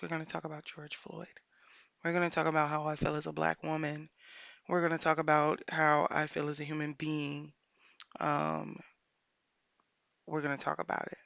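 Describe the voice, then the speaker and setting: Earnest woman with a gravelly voice. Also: sits low, a bit bright, no room sound. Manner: earnest, repeats points for emphasis; pauses often, thinks aloud with fillers. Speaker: life coach and podcast host. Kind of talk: solo podcast monologue.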